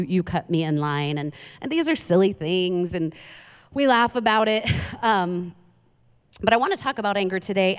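A woman's voice: fairly low pitch, clear, resonant tone. A woman from Queens, giving a chatty, humorous sermon as a guest preacher in a church. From Queens, New York. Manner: chatty, self-mocking, humorous asides. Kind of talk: conversational sermon. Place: church sanctuary. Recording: reverberant church hall.

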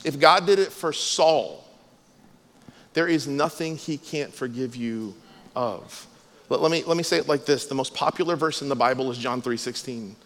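A man preaching a sermon as pastor, earnest and emphatic, often dropping to a soft, low voice. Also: moderate pace. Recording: long hall reverb.

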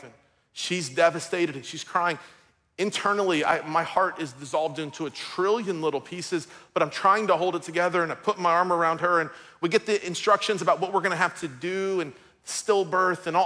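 A man in his thirties, a pastor preaching a sermon and telling a personal story with strong emotion, swinging from loud to hushed. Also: a little high.

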